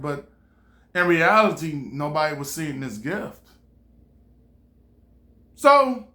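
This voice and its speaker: A man's voice: high voice, a bit bright. A man, a stand-up comedian, talking casually and animatedly to camera, often laughing and switching into voices for the people he quotes. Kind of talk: casual motivational monologue.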